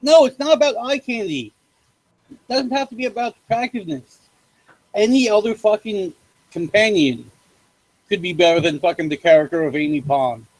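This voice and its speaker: High-voiced guy, blunt, cusses a lot, strong opinions. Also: moderate pace, long pauses, poor audio. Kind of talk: casual podcast chat.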